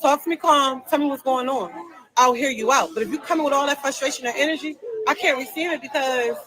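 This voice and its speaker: A woman's voice: high voice, brisk, a crowd in the background, poor audio. A woman talking on a casual live stream, telling her side of a story in an emphatic, repetitive way.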